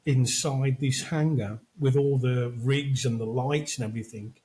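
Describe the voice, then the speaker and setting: A man's voice: medium pitch, steady tone, a little slow, mellow, low-quality recording. An older man, chatting casually as podcast co-host and retelling film stories. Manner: storytelling, acts out quotes from films. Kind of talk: casual chat.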